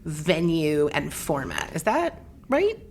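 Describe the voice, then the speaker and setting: Lowish-voiced woman hosting a chat. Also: wildly swooping pitch, slow pace, darkish tone, slight background noise. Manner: playful, laughs often. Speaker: podcast host. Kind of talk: casual interview chat.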